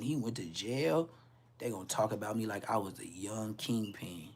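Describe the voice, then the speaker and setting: A man's voice: on the low side, normal speed, a little hiss or hum. Man, casual storytelling, laid-back, heavy slang, acts out quotes. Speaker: podcast host.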